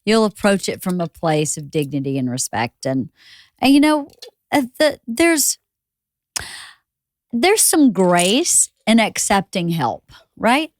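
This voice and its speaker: A lively-voiced woman hosting a podcast. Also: medium pitch, takes it slowly, no room sound, studio quality. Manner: playful, teasing, gently advising. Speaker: podcast host, wife. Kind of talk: casual podcast chat.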